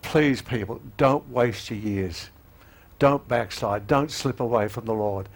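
A man in his eighties preaching a sermon, halting with fillers and restarts, often emotional, and growing louder and higher as he urges repentance. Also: vocal fry, a little hiss or hum. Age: 80s. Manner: rises in pitch and volume when urging repentance.

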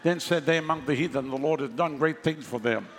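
Gravelly preacher man in a big hall. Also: on the high side, fairly quick, slight background noise. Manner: conversational preaching, mocking asides. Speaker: pastor. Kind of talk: sermon.

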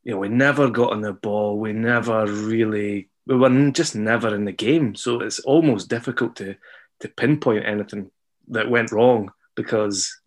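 Male fan guest, low-pitched, halting and thoughtful. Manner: measured, hesitant analysis. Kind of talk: casual podcast chat.

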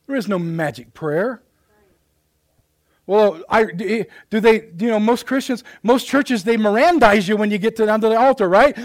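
A middle-aged male pastor delivers a sermon in a church, his voice sitting fairly high for a man. He talks in plain, folksy words and shifts between loud emphatic declarations and soft, hushed asides. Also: normal speed. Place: church sanctuary.

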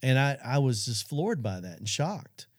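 On a Christian talk show, a middle-aged man shares an earnest personal testimony, speaking directly to the audience. His medium-pitched voice is sing-song and a little slow, with clean studio sound and no echo.

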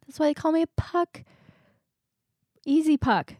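A woman co-hosting a comedy podcast, joking and bantering with silly bits and sudden loud laughs. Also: sits high, expressive, unhurried, no echo, clean studio sound. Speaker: podcast co-host. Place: small home room.

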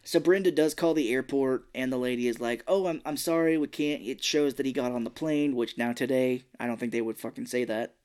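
A man's voice: mid-range voice, fairly quick, hardly any pauses, a little mellow. A man co-hosting a podcast, casually recapping a movie scene by scene and acting out the characters' lines with plenty of swearing. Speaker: podcast co-host.

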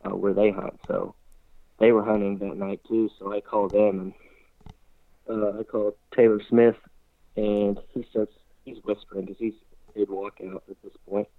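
A man's voice: lowish voice, moderate pace, dry recording. Man telling a hunting story over a tinny line. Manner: animated, rambling, heavy use of "like". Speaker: hunter guest. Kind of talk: excited storytelling in conversation. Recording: tinny phone-like line, dry.

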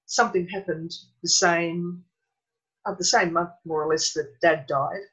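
A middle-aged woman with an Australian accent, telling a painful personal story as an interview guest, earnest and halting, often restarting her sentences. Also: on the low side, steady tone, a bit bright. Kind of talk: emotional personal account. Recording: dull lo-fi recording.

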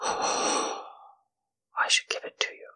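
A man in a whispered role-play, talking in a halting, tender, confessional way with a breathy, gravelly whisper. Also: pushed and bright. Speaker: podcast host.

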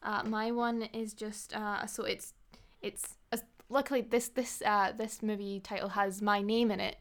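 A woman guesting on a film podcast, hesitant with fillers and quick to laugh. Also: medium pitch, level tone. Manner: hesitant, giggly. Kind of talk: casual film podcast chat.

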